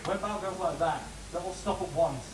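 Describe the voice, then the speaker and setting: Chatty warm-up man in a roomy studio. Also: fairly high pitch, normal speed, distant mic, a loud crowd, heavy background noise. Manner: chatty, joking, lively. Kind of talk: studio audience warm-up patter. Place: TV studio with live audience. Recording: roomy studio heard from afar with audience.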